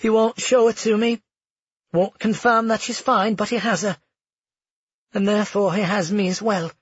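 A man with a husky voice, voicing a calm, collected young woman sorceress in a raised, unhurried voice. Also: high-pitched, lo-fi sound, voice pushed up. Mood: cool. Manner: cool and unhurried.

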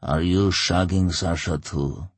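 Man voicing a gruff nasal stalker near fifty, cynical, very deep, husky, dry audiobook. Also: fairly even intonation, takes it slowly, no room sound, exaggerated voice. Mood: blunt. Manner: blunt and crude.

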